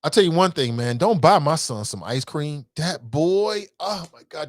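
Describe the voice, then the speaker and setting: A man hosting a casual call-in talk show, reading listener comments aloud and riffing on them in a blunt, animated way, swearing freely. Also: fairly high pitch, moderate pace, hardly any pauses, no room sound, studio quality.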